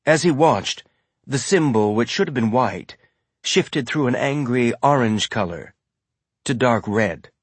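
A man giving measured, scripted audiobook narration. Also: medium pitch, animated, breathy edge, no echo.

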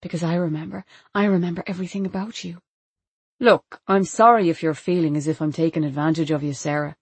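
A woman reads a self-assured male lover in a storybook, with a low, controlled, coaxing voice. The recording is dry and close, with no room sound. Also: fairly even intonation, quick pace, slightly rough, no room sound. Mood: placating.

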